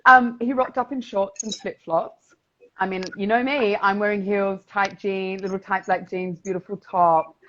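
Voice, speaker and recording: A woman with a South Australian accent, co-hosting a podcast in casual chat, bubbly and quick to laugh as she tells stories. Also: medium pitch, fairly even intonation, a bit bright, lo-fi sound, a little hiss or hum. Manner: bubbly, laughs often, chatty storytelling. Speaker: podcast co-host.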